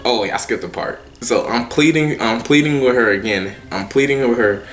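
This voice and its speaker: A man's voice: mid-range voice, normal speed, a bit bright. A young man telling a personal story in a casual, profane monologue, full of slang and stumbling restarts. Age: young adult.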